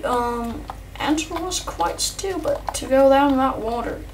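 A young male gamer doing rambling, excitable let's-play commentary, chatting to his viewers and his in-game pet. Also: high voice, takes it slowly, slight background noise. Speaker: gameplay commentator. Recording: distant mic with faint keyboard typing.

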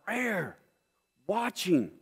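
A man's voice: sits high, wildly swooping pitch, very slow, husky. A male pastor delivering a sermon, reading scripture and asking his congregation emphatic rhetorical questions. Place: church sanctuary.

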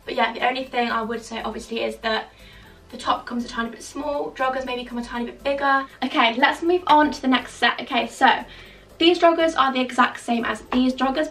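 Bubbly, gravelly young woman. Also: high-pitched, brisk, a bit bright. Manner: bubbly, gushing, chatty with many fillers. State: out of breath. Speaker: fashion vlogger. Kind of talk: casual try-on haul chat. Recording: distant mic with faint background music.

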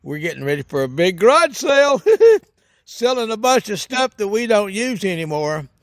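A man's voice: sits high, very animated, normal speed, fairly bright tone, no room sound, studio quality. A man putting on a goofy rural hillbilly character for a comedy monologue, folksy and whooping. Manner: folksy drawl with hoots and cackles. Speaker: comedy sketch character host.

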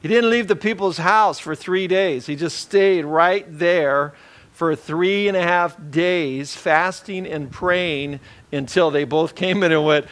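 Chatty pastor with a higher voice. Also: male voice, slow pace. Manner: relaxed, rambling, many fillers and restarts. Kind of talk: conversational sermon.

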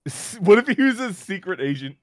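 A man co-streaming a game in casual chat, excitable, playful and laughing often. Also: high voice, brisk, no echo. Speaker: co-streamer guest.

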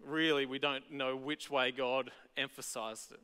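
Bright-voiced Australian pastor preaching. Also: male voice, medium pitch, a little slow, clear, resonant tone, big-room sound. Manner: conversational and animated, acting out voices. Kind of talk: sermon. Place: large church auditorium.

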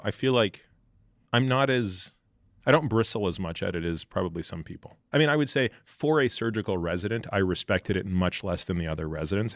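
Low-voiced male host telling stories. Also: no room sound, clean studio sound. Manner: relaxed storyteller, laughs through his anecdotes. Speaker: podcast host. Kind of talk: conversational storytelling.

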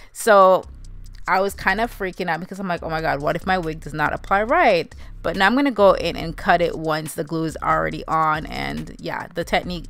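A woman's voice: fairly low pitch, fairly bright tone. A young woman narrating a wig tutorial in a casual, chatty way, calling her viewers "you guys" and "honey". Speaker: beauty vlogger.

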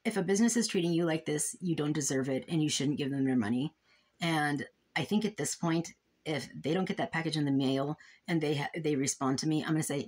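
A woman's voice: sits low, lively intonation, a little fast, darkish tone, breathy edge. A young woman in a casual vlog at home, reading out emails and complaints, frustrated and exasperated, trailing off and restarting. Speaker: vlogger.

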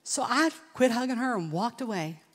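A middle-aged woman telling a personal testimony at a conference, lively and storytelling, acting out what people said. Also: fairly high pitch, moderate pace. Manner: animated storytelling with laughs and acted-out quotes. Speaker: conference speaker. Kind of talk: testimony sermon. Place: large church hall. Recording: long hall reverb.

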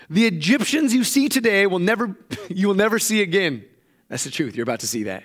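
A male pastor giving a lively sermon, retelling a story and acting out the voices of its people. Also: brisk. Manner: animated storytelling, acting out quoted voices with raised pitch. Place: church.

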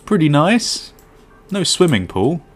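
With a husky voice on the high side, a man speaks slowly but very animatedly as he commentates his gameplay. He muses aloud and makes self-mocking asides, over faint background music.

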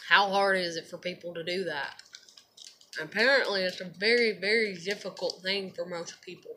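A woman's voice: lowish voice, moderate pace, pushed and bright, a little hiss or hum. A tired young woman, venting to camera in a rambling, profane way and laughing often. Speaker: vlogger.

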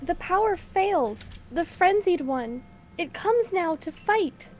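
A woman voicing an ancient god creature that speaks slowly and solemnly. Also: extremely high pitch, animated, a little mellow, slight background noise, pitched above the performer's own voice, exaggerated voice. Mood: ominous. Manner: slow, solemn, portentous.

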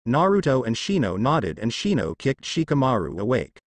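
A man narrates a fan story in a steady storytelling way, his voice at a middle pitch that moves up and down a great deal. The sound is close and dry, with no room around it. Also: normal speed, few pauses, dry recording. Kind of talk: reading a fan story aloud.

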